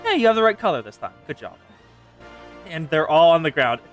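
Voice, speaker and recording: Excitable woman streamer reacting to a game. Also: deep voice, brisk, faint music behind. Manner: excitable, gasping and laughing reactions.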